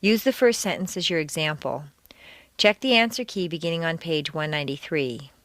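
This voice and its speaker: A woman reading a scripted audio lesson as a pronunciation coach, giving clear, deliberate instructions and stressing words strongly to show intonation. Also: sits low, fairly bright tone, no room sound. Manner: clear, deliberate teaching delivery with exaggerated stress. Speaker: accent coach.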